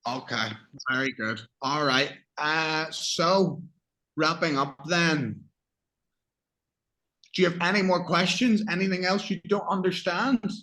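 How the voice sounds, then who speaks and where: Male teacher, patient and encouraging, bright clear voice. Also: fairly high pitch, takes it slowly. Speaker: English teacher. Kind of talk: classroom vocabulary review.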